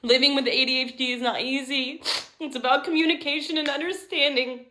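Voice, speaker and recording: A woman's voice: high voice, steady tone, brisk, bright, forceful tone. A woman in her thirties talking candidly and emotionally to camera in a personal vlog. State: tearful at times. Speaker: vlogger.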